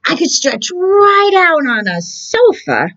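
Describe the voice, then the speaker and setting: A fussy little frog from a storybook complains in a squeaky, whiny voice, as a woman puts him on. The pitch bounces all over the place. The sound is dull and a little muffled. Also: sing-song, slow, fairly bright tone, full character voice.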